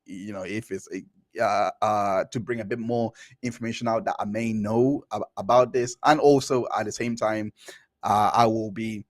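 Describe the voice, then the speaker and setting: A man's voice: on the low side, fairly even intonation, moderate pace, no echo, clean studio sound. A man hosting a live stream, reading through a court transcript and commenting in a casual, rambling way with many restarts. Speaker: stream host.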